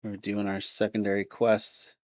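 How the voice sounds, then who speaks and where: A man's voice: fairly low pitch, monotone, moderate pace, dry recording. A man streaming a video game, chatting casually and thinking aloud as he plays. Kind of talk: casual let's-play commentary.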